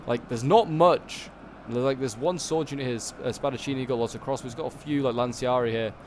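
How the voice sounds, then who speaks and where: Yorkshire man, mid pitch, casual game commentary, loud battle noise behind. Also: brisk. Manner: rambling, lots of "like" and "um", self-correcting. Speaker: game channel host.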